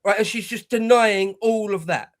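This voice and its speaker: A man's voice: sits high, moderate pace. A man co-hosting reaction commentary, talking bluntly and scornfully with lots of swearing. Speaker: co-host.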